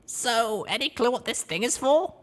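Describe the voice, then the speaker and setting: A woman's voice: fairly high pitch, lively intonation, moderate pace, natural voice. A woman voicing a tough, blunt young mare who speaks with dry sarcasm in an audiobook. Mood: wry. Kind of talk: audiobook character voice.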